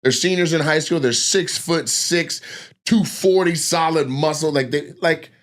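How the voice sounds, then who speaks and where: A young adult man from Washington State telling profane, animated stories in casual chat, acting out the people he quotes. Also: on the high side, a little slow. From Washington State, USA. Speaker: guest storyteller.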